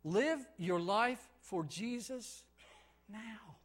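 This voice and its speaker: A man preaching a sermon with great passion, building to shouts and then dropping to quiet, pleading prayer. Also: high voice, lively intonation, very slow. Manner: impassioned, swings from shouting to hushed pleading.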